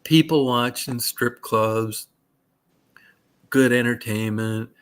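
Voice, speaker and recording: A man's voice: medium pitch, slow, clear, resonant tone. Foul-mouthed man telling a rowdy story. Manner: profane, rambling, animated anecdotes. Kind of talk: casual storytelling.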